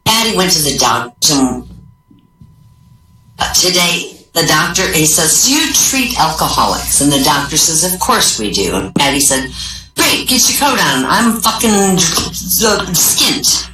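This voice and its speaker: A woman telling a string of Irish pub jokes, jumping up in pitch for each quoted character. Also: big pitch swings, a little slow, bright, forceful tone, a little hiss or hum. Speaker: stand-up comic. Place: small comedy venue. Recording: echoey room from far off, faint music.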